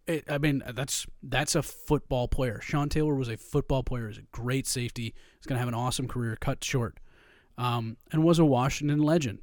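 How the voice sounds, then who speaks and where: A man's voice: medium pitch, fairly quick, darkish tone, dry recording. Guy ranting about football, swears a ton, dry close mic. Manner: profane, ranting, heated. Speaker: podcast co-host. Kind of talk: casual sports chat.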